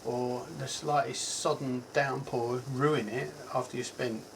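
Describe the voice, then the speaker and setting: A man with a Cockney accent talks through a gadget review in a loose, chatty way, stopping for ums and correcting himself as he goes. His pitch sits mid-range for a man. A faint hiss of background noise runs under the recording. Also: fairly even intonation, a little slow, creaky, rough recording. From England. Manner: rambling, chatty, self-correcting, frequent ums. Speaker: tech reviewer. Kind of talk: casual product review.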